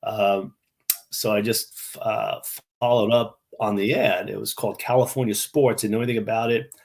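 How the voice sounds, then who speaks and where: A man's voice: fairly low pitch, flat delivery, normal speed, darkish tone. A middle-aged man from New York, a guest on a video-call interview, telling chatty anecdotes full of restarts and mimicking the people in his stories. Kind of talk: casual storytelling.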